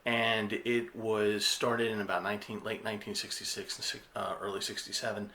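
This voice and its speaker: Bright-voiced man retelling a film plot. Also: on the low side, level tone, normal speed. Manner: retells plot loosely with frequent fillers and restarts. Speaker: podcast host reviewing an anime film. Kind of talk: casual spoken review.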